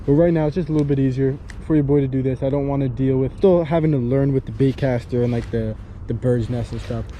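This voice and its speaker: A man's voice: medium pitch, fairly even intonation, fast talker, dark tone, slight background noise. Slangy young male vlogger. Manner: slangy, laughing often, rambling. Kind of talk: casual vlog chat.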